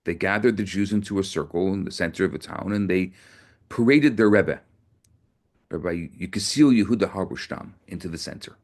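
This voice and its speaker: A man's voice: low-pitched, fairly quick, a little mellow. A man, a rabbi, giving an earnest sermon in a storytelling manner, often repeating words as he builds to a point.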